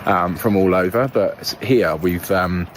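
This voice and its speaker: British man, low voice, loose casual travel chat, outdoor noise. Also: takes it slowly. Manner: relaxed, rambling with many fillers. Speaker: travel vlogger. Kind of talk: casual travel talk to camera. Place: outdoors in a small town.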